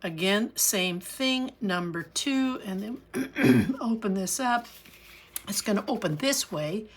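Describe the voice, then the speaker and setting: A middle-aged woman narrating a casual crafting tutorial, chatty and unhurried, pausing with fillers as she works. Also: medium pitch, lively intonation, a little hiss or hum. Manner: chatty, with frequent fillers and restarts while working. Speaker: crafting channel host.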